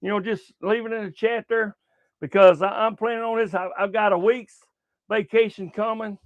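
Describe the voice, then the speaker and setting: A man's voice: sits high, steady tone, moderate pace, no room sound, phone-quality sound. Profane older man ranting sports. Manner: profane, repetitive, stumbling restarts. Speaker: sports show host. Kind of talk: casual rambling sports talk.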